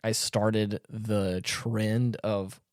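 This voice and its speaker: A man's voice: on the low side, little pitch movement, extremely slow, a little mellow, clean tone, dry recording, clean studio sound. A man co-hosting a podcast, chatting casually, rambling with many stammered restarts and frequent laughs. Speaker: podcast co-host. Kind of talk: casual chat.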